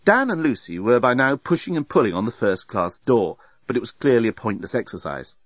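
A man narrating an audiobook in a wry, expressive storytelling manner, on a dry, slightly dull recording. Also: mid-range voice, a little fast, no room sound.

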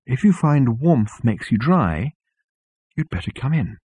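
A man voicing a gentle, vague hermit who muses softly and answers questions with more questions. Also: mid-range voice, sing-song, a little slow, slightly rough, no room sound, voice pushed up. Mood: musing. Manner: mild, musing, softly questioning.

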